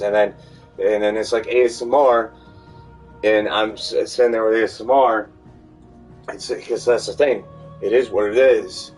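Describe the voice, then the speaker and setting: Low-voiced man rambling from a distance. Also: steady tone, normal speed, pauses often. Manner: meandering, many fillers and restarts. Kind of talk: rambling monologue. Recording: distant mic with faint music.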